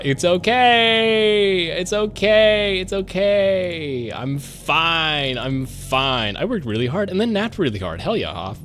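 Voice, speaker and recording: A man chatting casually to his live-stream audience, rambling and excitable, swearing freely. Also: medium pitch.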